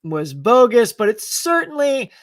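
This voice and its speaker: A middle-aged man with a fairly high voice chats loosely with his live audience, rambling from topic to topic and laughing along the way. The sound is dry, with the mic set a little back from him. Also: unhurried, dry recording, distant mic. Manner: rambling, animated, laughs often. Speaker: live-stream host answering chat. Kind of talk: casual chat.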